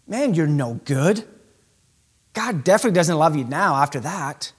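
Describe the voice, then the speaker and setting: A scornful, wheedling devil, put on by a male preacher in the middle of a sermon. The voice sits high for a man and rises and falls widely. He drops lower and quieter as he taunts. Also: animated, moderate pace, husky.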